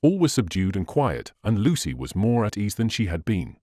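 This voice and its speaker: Casting: male audiobook narrator, low-pitched, very lively reading, dry close sound. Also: normal speed, no echo. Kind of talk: classic novel reading.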